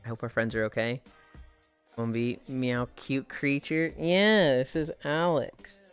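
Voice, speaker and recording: A woman streamer chatting casually while walking on a treadmill, telling animated, profane stories and sounding tired. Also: a bass voice, a little slow, clear, resonant tone, faint music behind.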